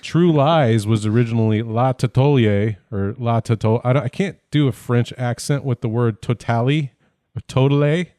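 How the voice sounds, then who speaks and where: A man's voice: mid-range voice, normal speed, few pauses, mellow, no room sound, clean studio sound. A man hosting a podcast in casual chat, jokey and self-deprecating, laughing often. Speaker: podcast host.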